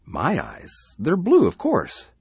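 A man's voice: fairly high pitch, wildly swooping pitch, slow pace, a little mellow, slightly rough, no echo, studio quality, voice pushed up, heavily acted. A man voicing a frightened settler who talks urgently and pleads with others. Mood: pleading. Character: anxious male settler, frantic and fearful.

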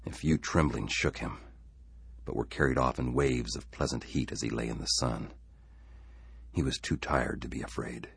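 A man reading a story aloud in an expressive, measured way. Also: extremely low pitch, creaky, slightly rough, dry recording. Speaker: narrator.

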